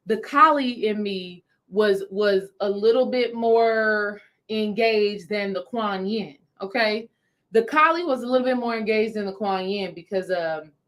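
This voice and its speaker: Animated woman telling a story to her chat. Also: fairly high pitch. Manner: animated, repeats phrases, talks to viewers directly. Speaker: spiritual healing coach.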